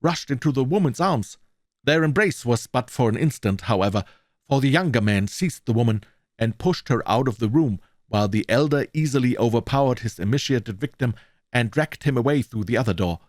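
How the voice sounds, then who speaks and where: German man narrating, lively expressive delivery. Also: mid-range voice, brisk, no echo, clean studio sound. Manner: expressive first-person narration with small slips. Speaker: audiobook reader. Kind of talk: reading a classic detective story aloud.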